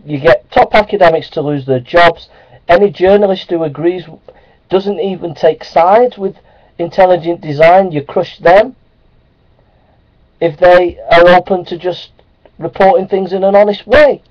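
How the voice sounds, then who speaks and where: Speaking at a measured pace in a slightly high voice, a man vents at his camera, his anger building before it eases off. He keeps repeating short, outraged phrases, and the webcam audio is dull and lo-fi.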